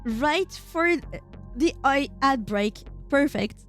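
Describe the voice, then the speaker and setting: A young woman streamer reading a game's text aloud with expressive narration and casual asides. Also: sits high, takes it slowly, faint music behind.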